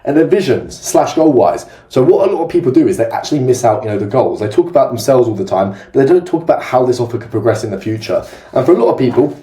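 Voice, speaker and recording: Fast-talking young man coaching. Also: medium pitch, animated, warm tone. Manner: brisk, blunt and direct, with casual swearing. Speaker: sales coach. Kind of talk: casual talking-head tutorial. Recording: roomy echo.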